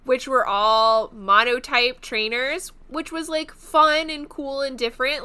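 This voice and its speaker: A woman's voice: high-pitched, measured pace, hardly any pauses, pushed and bright. A woman co-hosting a casual podcast, recapping a game playthrough in a chatty way with dry, wry asides. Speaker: podcast co-host.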